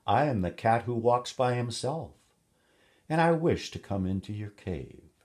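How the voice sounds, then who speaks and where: A man's voice: mid-range voice, lively intonation, darkish tone, pitched above the performer's own voice, close to an everyday voice. A man reading aloud and voicing a proud, sly male cat who pleads and boasts in a raised voice. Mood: proud, pleading. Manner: pleading then haughty, raised and quickened.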